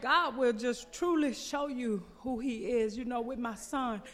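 A woman stands up in church to give her testimony, earnest and emotional, her words halting as she searches for them. Her voice rings with the long reverb of the church hall. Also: fairly high pitch, fairly bright tone. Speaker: church member giving testimony.

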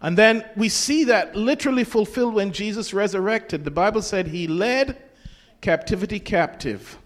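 With lively intonation and a moderate pace, a man in a high voice preaches, reciting scripture in King James English and questioning his listeners in the congregation. A hall's long reverb surrounds him.

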